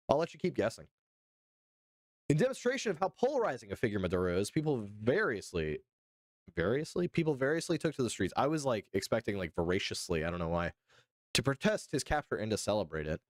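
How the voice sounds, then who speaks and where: A man's voice: lowish voice, big pitch swings, fast talker, dry recording, clean studio sound. A man from Georgia streaming live, reacting casually to news and joking back and forth with his viewers. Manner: jokey, playfully indignant, addresses chat directly.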